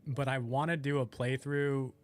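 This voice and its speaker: A man's voice: medium pitch, flat delivery, normal speed, soft background music. A young man streaming a game, rambling casually and chatting with his viewers as he plays. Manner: rambling, chats with viewers while playing.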